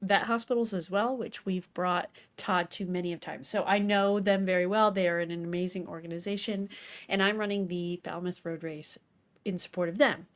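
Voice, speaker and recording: A woman's voice: lowish voice, steady tone, normal speed. Bubbly, giggly woman co-host. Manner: bubbly, giggly, rambling storyteller. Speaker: podcast co-host. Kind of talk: casual chat.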